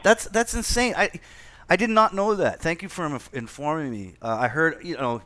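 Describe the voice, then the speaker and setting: A man's voice: on the high side, moderate pace, pushed and bright. A man hosting a casual podcast chat, agreeable and joking, swearing casually. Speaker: podcast host.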